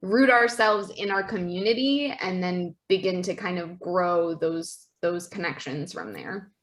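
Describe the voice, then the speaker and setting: A woman's voice: lowish voice, unhurried. A woman on a theater committee, talking in a casual group discussion, easygoing and conversational. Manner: conversational, with fillers and restarts.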